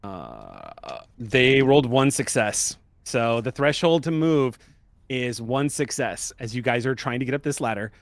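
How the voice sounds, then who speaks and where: Animated man running a tabletop game. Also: mid-range voice, a little slow, gravelly, dry recording. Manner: animated, explains rules. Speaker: game master.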